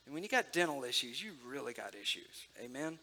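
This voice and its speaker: Bright-voiced man giving heartfelt testimony. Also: medium pitch, sing-song, brisk, slight background noise. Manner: conversational, emotional, addresses the audience directly. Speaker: speaker sharing testimony. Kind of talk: sermon-style personal testimony.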